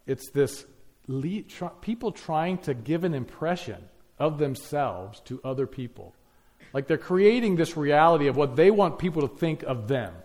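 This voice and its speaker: A man preaching a sermon, emphatic, piling up lists and rhetorical questions. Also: medium pitch.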